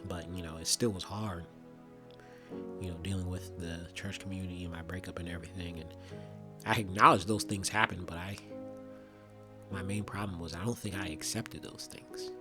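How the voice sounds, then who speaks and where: A young man speaking earnestly and reflectively about his own experience, with frequent pauses and restarts. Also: low voice, steady tone, music in the background. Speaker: vlogger. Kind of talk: personal testimony monologue.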